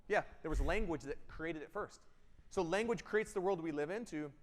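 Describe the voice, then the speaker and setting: A man giving an energetic keynote speech, emphatic, jumping between loud bursts and quiet intensity. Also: on the high side, normal speed. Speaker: keynote speaker. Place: event hall. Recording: long hall reverb.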